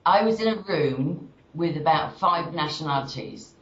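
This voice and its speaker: A woman talking on a video call, telling a story in an animated, insistent way. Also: sits low, normal speed, creaky. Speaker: call participant. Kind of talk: casual conversation. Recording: echoey, dull call audio with faint background noise.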